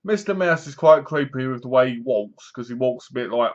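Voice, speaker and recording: A man's voice: medium pitch, expressive, a little fast. Chatty man reviewing a horror film. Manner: rambling, chatty retelling with asides. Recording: dull lo-fi recording.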